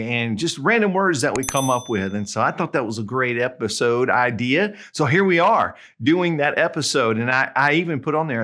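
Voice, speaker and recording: A man with a Southern US accent gives a casual video lesson. He sounds friendly and chatty, at a mid pitch for a man, and slows down to spell out each example. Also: fairly bright tone. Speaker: Spanish tutor.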